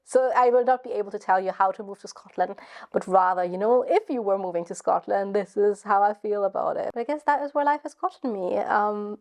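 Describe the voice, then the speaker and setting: A woman's voice: medium pitch, darkish tone. A young woman with a German accent, chatting casually to camera in a rambling, filler-heavy vlog. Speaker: vlogger.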